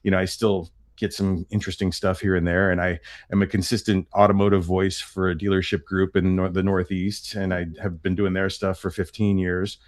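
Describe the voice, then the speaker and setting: A man's voice: deep voice, level tone, a little fast, hardly any pauses, no echo, studio quality. A middle-aged man and voice actor, a podcast guest, chatting casually in a projecting voice and laughing often. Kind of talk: casual interview chat.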